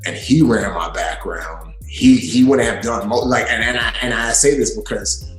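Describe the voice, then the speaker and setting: Deep-voiced man telling his story. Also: normal speed, roomy sound, soft background music. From western Africa, raised in New York City. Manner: animated, with many restarts and acted-out quotes. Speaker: podcast guest. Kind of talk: storytelling in a casual interview.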